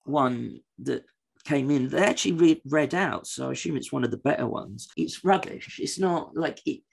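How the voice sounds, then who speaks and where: A man co-hosting a podcast, his voice husky with a gravelly edge. He talks casually in a rambling, halting way, starting sentences over and over, and his pitch swings in a lively way. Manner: rambling, halting, many restarts. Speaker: podcast co-host. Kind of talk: casual chat.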